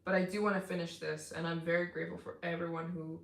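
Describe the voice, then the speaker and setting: A woman's voice: lowish voice, flat delivery, fast, creaky, reverberant. A woman live streaming, chatting casually with viewers and thanking them for donations, tired and yawning.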